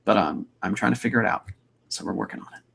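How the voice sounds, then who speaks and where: Young guy on a livestream, chatty, rambly, gravelly voice. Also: on the low side, fast talker, fairly bright tone. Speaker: livestream host. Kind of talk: casual livestream chat reading comments.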